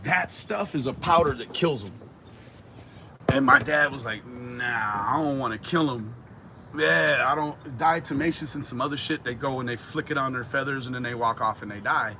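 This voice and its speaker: Bright-voiced joking man on a livestream. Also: mid-range voice, moderate pace, a little hiss or hum. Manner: animated and joking, swears and laughs often. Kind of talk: casual livestream chat with viewers. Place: outdoors in a backyard.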